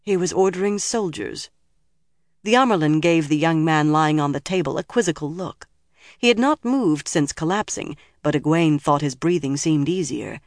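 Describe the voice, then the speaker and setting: A steady audiobook narrator reads in an even storytelling manner. The voice sits at a mid pitch. The recording is dry and close, with no room sound. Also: normal speed, no room sound. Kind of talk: scripted narration.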